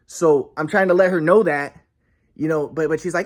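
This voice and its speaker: Speaking at a quick pace with lively intonation in a high voice, a young man rambles through a personal story. He sounds agitated, curses a lot, and restarts his sentences over and over.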